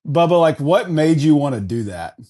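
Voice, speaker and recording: A man's voice: fairly high pitch, big pitch swings, moderate pace, mellow. A man hosting a podcast, asking a guest questions in an easygoing, conversational way. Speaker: podcast host. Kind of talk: casual interview questions.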